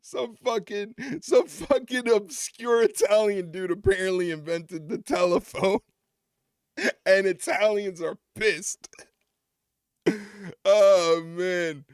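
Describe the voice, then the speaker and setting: A man's voice: high-pitched, takes it slowly, clear, resonant tone, no echo, clean studio sound. A man streaming, talking in a loose, profane, casual chat and laughing a lot.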